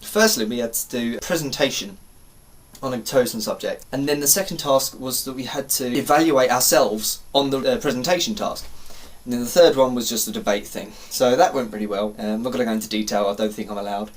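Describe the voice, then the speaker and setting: A young man vlogging, telling a story to camera in an animated, exasperated way and swearing casually. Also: medium pitch, fairly quick.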